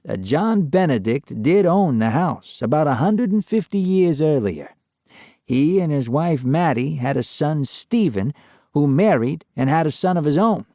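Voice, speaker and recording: An older man narrating a true ghost story in a slow, measured way. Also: on the high side, mellow, dry recording, clean studio sound.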